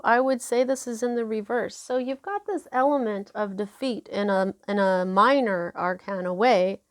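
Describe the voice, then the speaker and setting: Slow talking lady doing a tarot reading, lots of um and you know, dry close sound. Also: on the high side, no room sound. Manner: chatty, unhurried, many fillers. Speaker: tarot reader.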